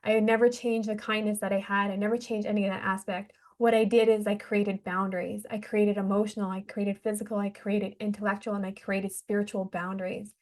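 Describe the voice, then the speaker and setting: A woman's voice: medium pitch, flat delivery, a little fast, hardly any pauses. A woman speaking as a podcast guest, a life coach telling her own story in an earnest, heartfelt way. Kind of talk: casual interview talk.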